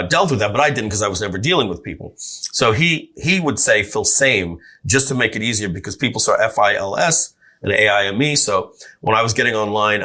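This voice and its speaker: A man telling his story as a podcast guest, animated and full of restarts. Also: lowish voice. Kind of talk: storytelling in a casual interview.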